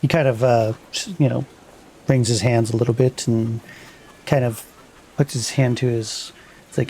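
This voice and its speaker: A male game master narrates a tabletop game, casual and full of fillers. His voice is gravelly and husky, with a dark, mellow tone. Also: mid-range voice, moderate pace, long pauses. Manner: relaxed, chatty narration with fillers.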